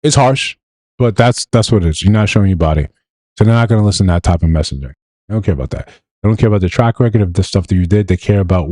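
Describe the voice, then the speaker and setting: Man, very low voice, dark tone, blunt livestream commentary, dry sound. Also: fast talker, no room sound. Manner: blunt, animated, mimics others in quotes. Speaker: streamer and commentator.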